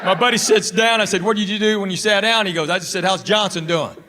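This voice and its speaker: A man doing stand-up, telling a long story in a laid-back, deadpan way. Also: high-pitched, fast, very noisy. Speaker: stand-up comedian.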